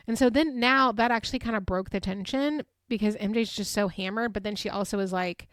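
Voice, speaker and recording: A woman in her thirties, hosting a podcast and retelling events in a chatty, animated way, full of fillers. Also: medium pitch, brisk, few pauses, no room sound, clean studio sound. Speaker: podcast host. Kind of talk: casual recap chat.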